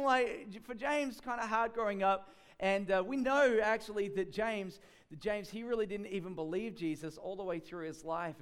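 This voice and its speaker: A man's voice: fairly high pitch, clean tone. A man preaching a sermon in a chatty storytelling way, with many fillers and restarts.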